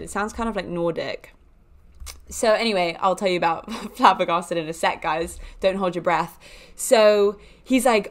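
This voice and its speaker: A young woman hosting a podcast, telling casual stories in a chatty, animated way with frequent laughs and fillers. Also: mid-range voice, moderate pace. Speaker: podcast host. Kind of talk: casual storytelling monologue.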